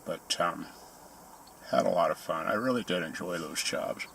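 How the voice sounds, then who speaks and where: A man's voice: sits low, lively intonation, moderate pace, vocal fry, fairly bright tone, slight background noise. A man telling grumbling, sarcastic stories in a casual ranting monologue. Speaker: vlogger.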